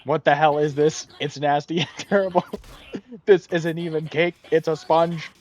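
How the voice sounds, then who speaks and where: A man's voice: fairly high pitch, fairly quick, a little mellow, soft background music, close to an everyday voice. A man doing a spoiled, childish company president. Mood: outraged. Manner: whiny and demanding, flips to angry threats. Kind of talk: reading game dialogue aloud in voices.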